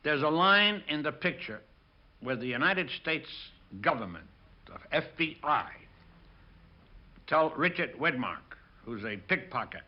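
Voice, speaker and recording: An older man, a film director, recalls his career in an interview, telling lively stories and acting out the lines of the people in them. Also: on the high side, unhurried, dull audio. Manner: lively storyteller acting out quotes. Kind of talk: interview recollection.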